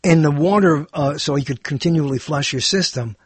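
A man's voice: fairly high pitch, brisk, slightly rough, dry recording. An older man hosting his own show, rambling in a casual monologue that drifts into jokes and musings about what words mean. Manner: digressive, joking, muses aloud about word meanings.

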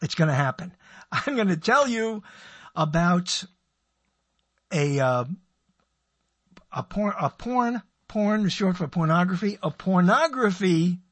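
A man's voice: high-pitched, expressive, takes it slowly, long pauses, a bit bright, dry recording. A man hosting a solo talk show, rambling through digressions with playful asides. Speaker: show host.

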